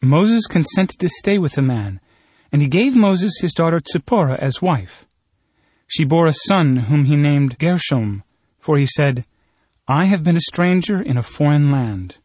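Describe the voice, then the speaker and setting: A man reads scripture in a steady, measured way, his voice a little husky. He sits slightly high for a man. The sound is dry and close. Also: dry recording. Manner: steady, measured storytelling delivery.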